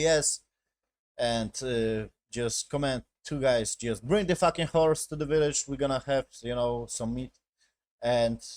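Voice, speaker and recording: His voice is medium in pitch and slightly mellow, recorded with no echo. In non-native English with broken grammar, the man rambles casually through an episode recap as a reviewer, swearing plenty and leaning on "basically" and "yes?" to check in.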